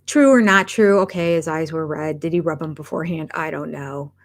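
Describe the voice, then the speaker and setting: A woman's voice: sits low, a little fast. A middle-aged woman hosting a live reality TV review chat, candid and chatty, breaking off mid-sentence and laughing at herself. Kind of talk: casual live-stream chat.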